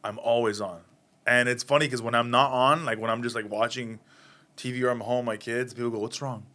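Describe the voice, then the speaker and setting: Speaking a little fast in a mid-range voice, a male comedian in his thirties shares stories in a relaxed interview, animatedly performing the voices of the characters in them.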